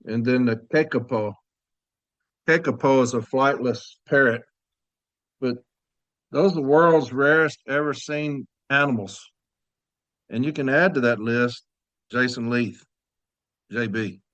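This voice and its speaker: A man's voice: mid-range voice, unhurried, long pauses, fairly bright tone, no room sound, lo-fi sound. A man hosting a podcast in a casual, chatty way, telling stories to his listeners and laughing easily. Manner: laid-back, laughing storyteller, addresses audience as y'all. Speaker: podcast host. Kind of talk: casual chat.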